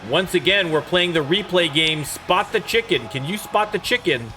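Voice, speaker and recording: Guy doing wrestling play-by-play, kinda high voice, yells on the big moves, noisy background. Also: expressive. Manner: rapid play-by-play that rises to shouts on big moves. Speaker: play-by-play commentator and show host.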